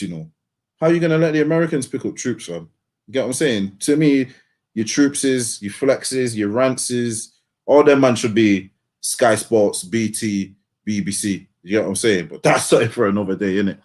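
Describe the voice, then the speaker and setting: A man co-hosting a football podcast. He talks in casual slang, rambles and keeps asking "you get what I'm saying?". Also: lowish voice. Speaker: podcast co-host.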